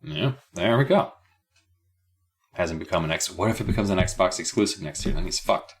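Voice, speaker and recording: A man's voice: sits low, animated, moderate pace. A man co-hosting a podcast, recapping a book in casual chat with a sarcastic, profane edge. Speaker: podcast co-host.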